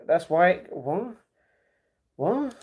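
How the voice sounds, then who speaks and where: A man's voice: high-pitched, sing-song, extremely slow, a little mellow, breathy edge. A young man chatting casually with viewers as he reads out his live stream chat. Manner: chatty, banters with viewers, slangy. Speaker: livestream host reading chat.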